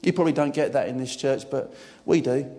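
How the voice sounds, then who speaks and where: A man giving a sermon as a guest preacher, emphatic and given to sudden loud outbursts. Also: mid-range voice, a little fast. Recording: long church-hall reverb.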